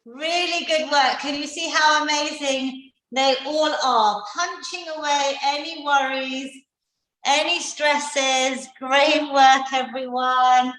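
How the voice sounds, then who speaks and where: Lady fitness instructor, slow and steady, high voice, cheering folks through reps, really echoey room far from the mic. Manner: encouraging, counts down reps and cheers everyone on. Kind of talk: leading a live online seniors' workout class. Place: indoor room, live video class.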